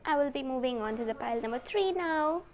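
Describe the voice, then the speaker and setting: A woman hosts a tarot reading vlog, talking straight to her viewers in a soft, emotional way. Her voice sits a little high. A faint background hum runs under the recording. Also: lively intonation, fast. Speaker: tarot reader.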